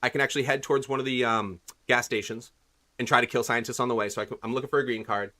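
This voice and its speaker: A man's voice: medium pitch, fairly even intonation, very fast, pushed and bright. A man streaming a video game, rambling casually and asking his viewers what they think. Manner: rambling, chatty, asks viewers questions. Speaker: livestreamer. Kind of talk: casual gaming commentary.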